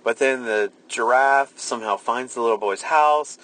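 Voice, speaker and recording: A man's voice: mid-range voice, moderate pace, fairly bright tone, low-quality recording. A man co-hosting a podcast, recapping a movie plot and laughing at how bad it is. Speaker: podcast co-host. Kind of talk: casual movie review chat.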